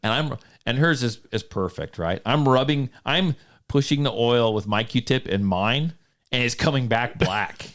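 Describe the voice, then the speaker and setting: A man hosting a casual podcast, his voice sitting at an ordinary middle pitch. He tells a long story in a loose, chatty way, often breaking into laughter and poking fun at himself. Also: measured pace, fairly bright tone. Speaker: podcast host. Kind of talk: casual chat. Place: home studio.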